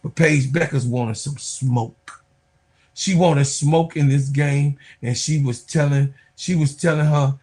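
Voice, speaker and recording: A man hosting a sports podcast, giving excitable, loud, casual commentary and talking straight to his viewers. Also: a little high, slow, slightly rough. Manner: excitable, loud, chatty, talks to viewers as y'all.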